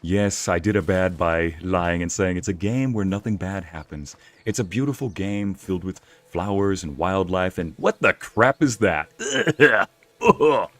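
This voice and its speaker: A man casually commentating a video game as a streamer, playful and jokey, sometimes breaking into loud yelling. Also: low voice, unhurried, dry recording.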